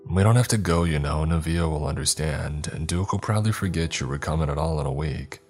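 A man's voice: very deep voice, a little fast, a little mellow, soft background music. A man voicing a coaxing young girlfriend. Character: young woman, reassuring girlfriend.

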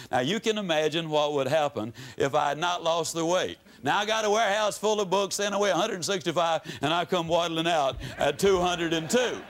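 A man from the United States giving a motivational lecture to a live audience, with a folksy, dramatic delivery that swings widely in pitch and loudness. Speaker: motivational speaker.

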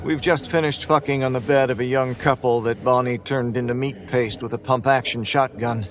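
A man's voice: medium pitch, steady tone, moderate pace, a crowd in the background. Grim weary man narrating horror. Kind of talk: first-person horror narration.

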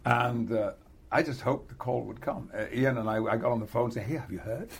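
Gravelly older British man, halting. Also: mid-range voice, steady tone. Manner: halting, many restarts and fillers, chuckles often. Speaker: actor being interviewed. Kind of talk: casual interview chat.

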